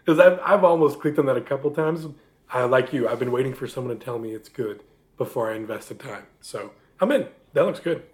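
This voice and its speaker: A man's voice: mid-range voice, lively intonation, a little fast. A man co-hosting a podcast, chatting casually in a jokey, teasing way and laughing often. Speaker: podcast co-host. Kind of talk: casual chat.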